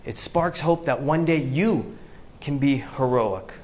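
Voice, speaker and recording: A Canadian man giving an inspirational talk to a live audience, telling stories with slow, dramatic pauses. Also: medium pitch, a little mellow, slight background noise. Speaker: motivational speaker. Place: event venue before a live audience.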